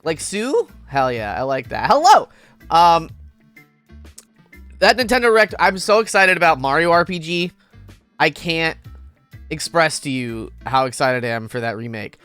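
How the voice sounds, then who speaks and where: A man's voice: on the high side, big pitch swings, a little slow, long pauses, pushed and bright, clear, resonant tone, no echo, soft background music. A man streaming games in a casual, playful chat, giggling and greeting viewers by name. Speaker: game streamer.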